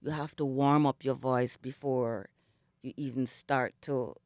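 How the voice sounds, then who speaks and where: With an extremely low pitch, darkish tone and fairly even intonation, a middle-aged Jamaican singer speaks unhurriedly as a radio interview guest. Reflective and telling stories, she says "you know" often, still in her morning voice that hasn't warmed up. The audio has no echo and studio quality.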